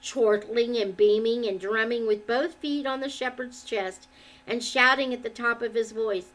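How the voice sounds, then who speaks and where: A woman reading a children's book aloud in an expressive, measured way. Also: on the high side. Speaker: storyteller.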